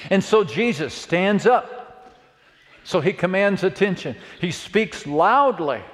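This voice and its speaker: A man preaching a sermon to a church, dramatic, swinging from hushed words to loud calls. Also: fairly high pitch. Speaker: pastor. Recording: long reverb of a church hall.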